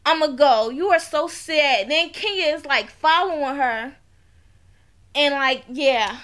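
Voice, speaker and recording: High, bright-voiced sassy woman vlogger. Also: a little slow. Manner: chatty and sassy, talks straight to viewers; laughs often. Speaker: reality TV recap vlogger. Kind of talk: casual recap chat to camera.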